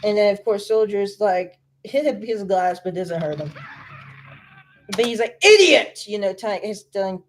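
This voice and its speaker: A woman's voice: mid-range voice, normal speed, dark tone, slight background noise. A woman giving casual reaction commentary on a video, rambling and guessing aloud with many fillers.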